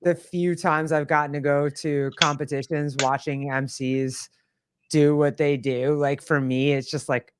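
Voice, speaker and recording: A woman chatting casually on a podcast, animated and joking about herself. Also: low-pitched, measured pace, noisy background. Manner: animated, joking, self-deprecating.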